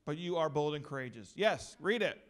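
A middle-aged male pastor giving an energetic, joking talk to a youth gathering. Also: a little high, brisk.

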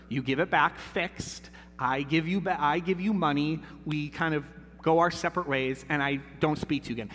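A man's voice: a little high, a bit bright, long reverb tail. A man in his thirties preaching a sermon in a church, talking casually and asking "right?" often. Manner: conversational, repeats "right?" often. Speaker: pastor. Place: church sanctuary.

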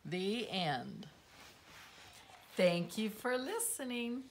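Slow, expressive woman reading a bedtime story. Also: medium pitch, slight background noise. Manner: gentle, expressive, commenting on pictures. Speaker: teacher. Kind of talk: bedtime storybook read-aloud.

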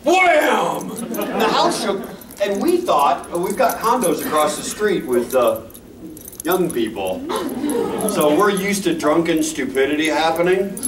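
A man hosting a convention panel, telling a funny dog story with loud sound effects and laughter. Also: on the high side, very animated, measured pace. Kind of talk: humorous anecdote on a panel. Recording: echoey hall, distant mic, room noise.

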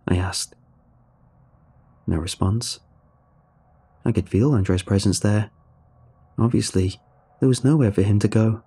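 A man narrating a horror story in a measured, grave storytelling manner. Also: on the low side, warm tone, breathy edge.

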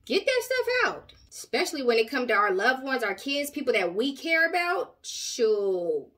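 A woman's voice: high voice, very animated, moderate pace, a bit bright. A woman hosting a commentary channel, giving sassy, outspoken reactions.

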